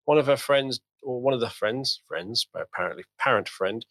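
A man hosting a podcast, chatting in a relaxed, rambling way and acting out the people he quotes. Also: medium pitch, brisk, no room sound. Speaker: podcast host. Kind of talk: casual podcast conversation.

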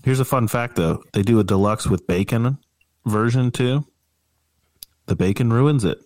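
A man's voice: mid-range voice, moderate pace, darkish tone, dry recording. A man hosting a podcast, chatting in laid-back, teasing banter with casual swearing, over a remote call mic. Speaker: podcast host.

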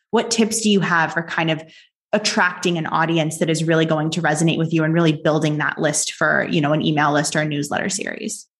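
A woman hosting a podcast speaks quickly in a low voice. She agrees with her guest and then frames a long, considered question. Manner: agreeable, thoughtful, longish questions. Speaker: podcast host. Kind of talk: interview questions.

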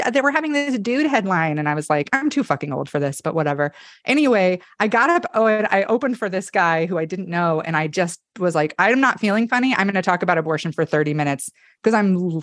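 Low-voiced woman comedian telling stories. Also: no echo, clean studio sound. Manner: candid, animated, swears freely. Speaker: comedian guest. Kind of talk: casual podcast storytelling.

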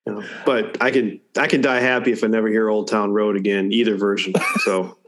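A man's voice: lowish voice, flat delivery, brisk, fairly bright tone. A man talks in casual conversation with a dry, wry manner. He often stammers on the first words of a sentence, repeating them before finding his way. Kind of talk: casual chat.

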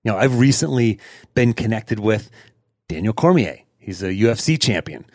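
Guy rambling through a story on his podcast, lowish voice, laughs a lot, dead dry room. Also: lively intonation, normal speed, darkish tone, no room sound. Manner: chatty, laughs while telling, frequent fillers. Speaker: podcast host. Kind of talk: casual storytelling monologue.

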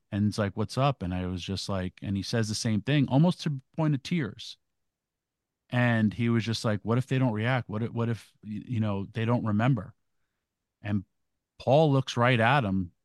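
A man's voice: lowish voice, dry recording, studio quality. A middle-aged man co-hosting an interview, telling an earnest story with intense, profane punchlines. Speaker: co-host. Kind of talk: casual interview chat.

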